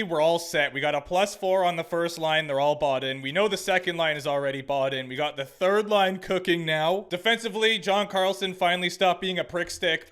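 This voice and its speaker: Bright, high-voiced young gaming commentator. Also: male voice. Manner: chatty, sarcastic, talks to the screen. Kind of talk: gameplay commentary.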